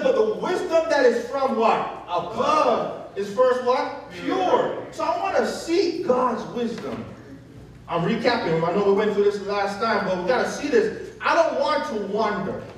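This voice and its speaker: A man with a very high voice preaches an animated sermon, stopping to have the congregation call back the words. He is picked up from a distance in a church with heavy reverb. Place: church sanctuary. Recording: echoey church from a distant mic.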